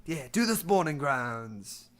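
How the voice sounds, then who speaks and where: Man, slightly high voice, playful teasing co-host, improv banter. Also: very animated, takes it slowly. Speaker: podcast co-host.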